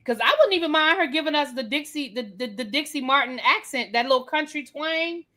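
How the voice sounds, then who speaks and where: A woman's voice: high-pitched, lively intonation, fairly quick, sharp tone. A woman co-hosting a soap opera recap livestream, chatty and emphatic, often repeating herself for effect. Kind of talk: casual livestream chat.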